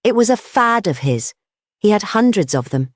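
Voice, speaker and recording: A reader doing a gruff impatient doctor. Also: mid-range voice, sing-song, moderate pace, no room sound, clean studio sound, pitched above the performer's own voice, natural voice. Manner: growling, emphatic. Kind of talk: audiobook dialogue.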